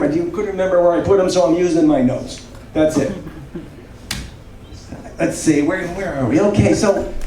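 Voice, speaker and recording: A man in his seventies performs a rambling, self-deprecating stand-up set on a comedy club stage, his high voice mellow with a slight hiss or hum. The echoey club is captured by a distant mic, with the audience's laughter in the background.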